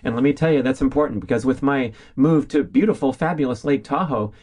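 A man's voice: mid-range voice, a little fast, a little mellow, husky. A middle-aged man from California hosting a solo podcast in an upbeat, chatty, enthusiastic way. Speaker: podcast host. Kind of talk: casual solo podcast monologue.

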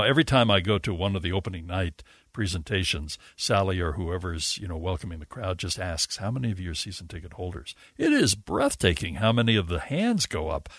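A man's voice: low-pitched, a bit bright, dry recording. A man hosting a radio show in a studio, teasing his guests with jokes. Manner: playful, teasing. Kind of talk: jokey studio chat.

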